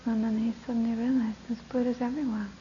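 A woman Buddhist teacher giving a talk, telling a story with lively narration that often drops to a whisper. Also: fairly high pitch, quick pace. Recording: dull lo-fi recording with faint hiss.

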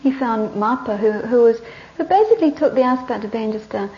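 Speaking a little fast in a voice on the high side, a woman Buddhist teacher animatedly shares a story in a dharma talk. She restarts and lets her sentences fade softly, and the dull lo-fi recording carries slight background noise.

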